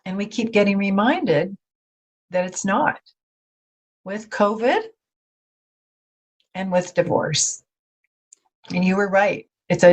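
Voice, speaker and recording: A woman speaking as a podcast guest, telling faith stories in lively conversation and acting out the voices she quotes. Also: mid-range voice, breathy edge. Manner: animated storyteller, acts out quoted voices.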